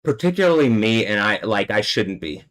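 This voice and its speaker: A man's voice: on the low side, big pitch swings, normal speed, fairly bright tone, low-quality recording. A man hosting a solo livestream, talking in an agitated, swearing rant. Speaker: livestream host.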